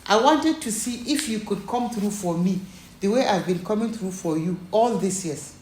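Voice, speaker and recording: A woman voicing a wealthy young woman who speaks calmly and firmly to her family. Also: on the low side, roomy sound, a little hiss or hum, close to an everyday voice. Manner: firm, measured, cool. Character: wealthy young Nigerian woman, calm and firm.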